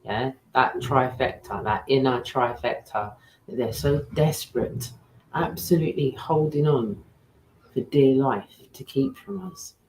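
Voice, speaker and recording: A woman's voice: very deep voice, measured pace, a little mellow, slight background noise. A woman co-hosting a podcast in casual chat, earnest and questioning. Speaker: podcast co-host. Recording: roomy echo.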